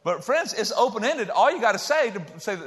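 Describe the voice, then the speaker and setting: An older man preaching a sermon in a folksy, joking way, swinging between loud emphasis and soft asides. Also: sits high, sing-song, a little fast. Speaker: pastor. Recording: hall reverb.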